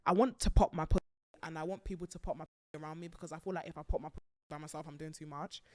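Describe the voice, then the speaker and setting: A woman hosting a podcast, talking in a chatty, animated way, laughing often and swearing freely. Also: low voice, racing, no echo. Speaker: podcast host. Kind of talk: casual chat.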